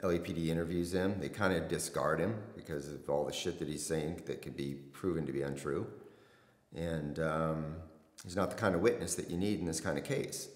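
A man's voice: extremely low pitch, fairly even intonation, moderate pace. A middle-aged man, a former detective, recounting a case in blunt, conversational interview talk. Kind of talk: casual storytelling interview. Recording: echoey room with long reverb.

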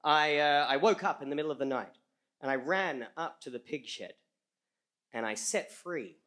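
High, bright Australian storyteller man. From rural Australia. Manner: halting, with frequent repeats and fillers. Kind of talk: live comedic storytelling. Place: live stage show.

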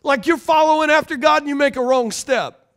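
A man preaches a sermon in a high, light voice, speaking fairly quickly. His delivery is casual and animated, and he repeats key phrases again and again for emphasis.

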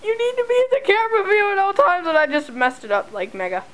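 A woman's voice: very high voice, fast, a bit bright, a little hiss or hum, rough recording. A woman filming her dog at home, talking to it in exaggerated sing-song baby talk.

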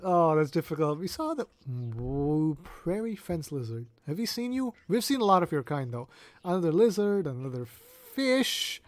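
A gaming creator narrates play in an excitable, joking way, often breaking into laughter. They ham up mock-dramatic lines. The voice sits at a middle pitch and is recorded dry and close, with no room echo. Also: normal speed. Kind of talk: casual gameplay commentary.

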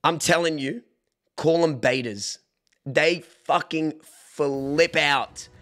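A young man chatting casually on a live stream, joking and breaking into mock shouts, recorded on a desk microphone at home. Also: fairly high pitch, takes it slowly. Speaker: livestreamer.

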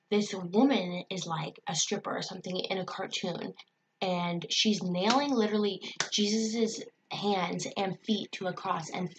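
A young woman telling a personal story in a casual vlog, excitable, swearing and full of filler words. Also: mid-range voice, a little hiss or hum, low-quality recording. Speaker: vlogger.

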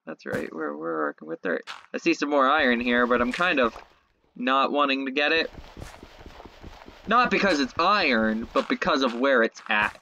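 A woman giving casual gameplay commentary, excitable, talking to herself and swearing when things go wrong. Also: extremely low pitch, normal speed, creaky, highs cut off, a little hiss or hum. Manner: excitable, talks to herself, swears, frequent yelps and laughs.

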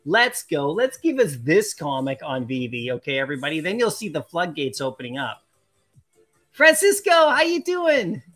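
A bright, forceful voice carries this excitable streamer's chatty patter as they answer viewer comments and laugh often. Their pitch sits in the middle range. Faint music plays underneath. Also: brisk, hardly any pauses. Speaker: live-stream host opening collectible card packs. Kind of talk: casual live-stream chat, reading viewer comments aloud.

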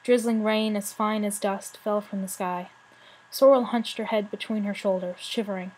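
A woman reading a children's novel aloud as narrator, in a steady, clear manner. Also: medium pitch, moderate pace, rough recording. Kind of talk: storybook narration.

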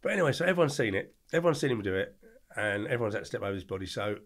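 An older man, telling colourful anecdotes as a podcast guest in an animated, slangy way. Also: on the low side, racing. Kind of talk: storytelling interview.

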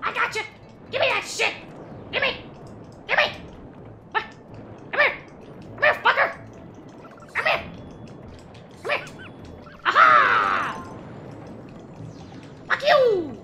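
A woman voicing a crude, excitable little mushroom man during a game livestream. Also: very high-pitched, takes it slowly, pauses often, slight background noise, pitched above the performer's own voice, full character voice. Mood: excited. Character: squeaky foul-mouthed little mushroom man.

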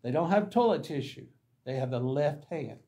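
A man's voice: a little high, animated, normal speed, warm tone, a little hiss or hum. A man, a pastor teaching a Bible class, telling folksy, humorous mission stories and acting out the dialogue. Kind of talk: anecdotal Bible lesson storytelling.

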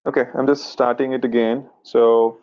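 A man's voice: mid-range voice, little pitch movement, normal speed. A male instructor teaching a live online technical class, explaining step by step with frequent "okay" and "right". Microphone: video call. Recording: dull lo-fi call audio.

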